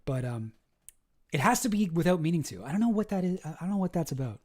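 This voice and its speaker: A man's voice: a little high, very animated, fast talker, darkish tone. A young Canadian man with a Canadian accent, chatting casually on a live stream and answering his chat, rambling with lots of fillers and restarts.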